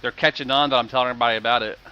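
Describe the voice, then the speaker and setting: A man's voice: mid-range voice, fairly even intonation, very fast, sharp tone, smooth, dull audio. A man streaming a game live, chatting casually with viewers, explaining prices and thanking them for gifts.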